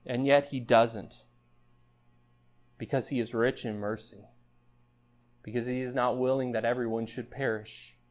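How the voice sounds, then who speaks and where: A man preaching a sermon in an earnest style, building up loud passages and then dropping low and quiet. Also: fairly even intonation, measured pace, pauses often. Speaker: pastor.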